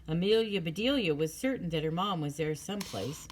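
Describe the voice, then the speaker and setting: A woman narrating a children's chapter book in a clear, steady storytelling manner. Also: on the low side, a little fast, a little hiss or hum.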